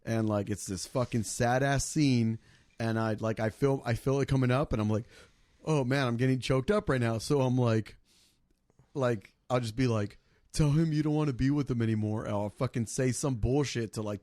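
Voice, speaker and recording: Male podcast host, mid-pitch, dry close sound, rambling and profane. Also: moderate pace, a little mellow, no echo. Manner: rambling, heavy swearing, many fillers and restarts. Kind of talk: casual chat over drinks.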